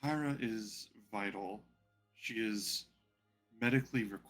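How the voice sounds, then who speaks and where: A man's voice: fairly low pitch, unhurried, fairly bright tone, faint music behind. A man narrating as game master, rambling and hesitant, with frequent fillers.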